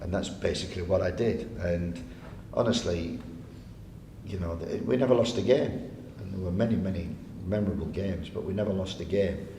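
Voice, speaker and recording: A man with a dark tone, speaking at normal speed, tells chatty stories live on stage as a guest speaker in an arts venue hall. He often laughs and mimics the people he quotes. Echo and a faint rumble fill the hall.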